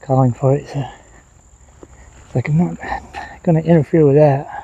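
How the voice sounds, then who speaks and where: In a muffled recording, a man with a fairly high voice speaks at normal speed while out on a rural walk, livestreaming. The streamer keeps it relaxed and rambling, chatting directly with his viewers.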